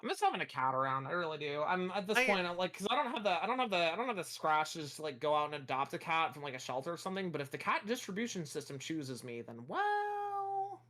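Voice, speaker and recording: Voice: medium pitch, sing-song, quick pace, hardly any pauses, a bit bright. A streamer from the United States in casual livestream chat, rambling, restarting sentences and swearing freely.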